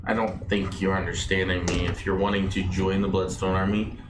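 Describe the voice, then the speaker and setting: A man with a very deep voice narrates a tabletop game as game master, giving firm, commanding orders in character. The recording sounds echoey, with a noisy background. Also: level tone, fairly quick.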